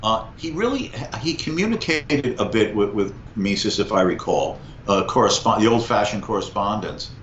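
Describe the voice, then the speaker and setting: A man in his sixties, a guest professor, telling historical anecdotes in an animated conversational interview. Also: fairly low pitch, normal speed, few pauses, slight background noise. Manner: animated anecdote teller, lively vocal emphasis. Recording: echoey, slightly muffled room.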